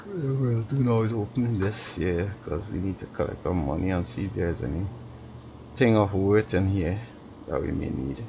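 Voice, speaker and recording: A tired man giving slow, mumbling casual commentary over gameplay on a stream, talking to himself as he plays. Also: deep voice, lively intonation, vocal fry, warm tone. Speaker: gaming streamer. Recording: dull lo-fi stream audio with background noise.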